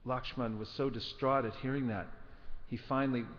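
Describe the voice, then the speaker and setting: A man giving a scripture class, telling a story in an earnest, measured way. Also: mid-range voice, fairly even intonation, fairly bright tone. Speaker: spiritual teacher. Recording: dull recording in a reverberant hall.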